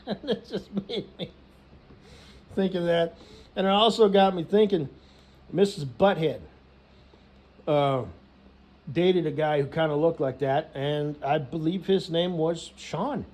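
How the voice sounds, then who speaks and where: A man's voice: on the high side, unhurried, pauses often, a little mellow. A man telling a rambling, profane story, filling it with "you know" and laughs. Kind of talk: rambling casual rant.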